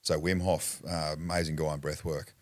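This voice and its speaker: A man's voice: rumbling low, little pitch movement, normal speed, no room sound. An Australian man telling his life story as a podcast guest in blunt, profanity-heavy talk that rambles and restarts. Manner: blunt, swears constantly. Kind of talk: candid personal storytelling.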